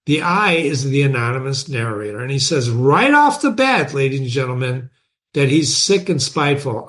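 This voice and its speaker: A man hosting a book lesson, explaining in an animated way and asking his listeners many rhetorical questions. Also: on the high side. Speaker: literature teacher and host.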